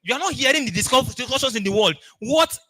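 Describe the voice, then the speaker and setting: A man's voice: very high voice, lively intonation, quick pace, pushed and bright, dry recording. A middle-aged man with a Nigerian accent, giving a motivational coaching talk and acting out the people in his stories. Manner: storytelling, emphatic, acts out dialogue.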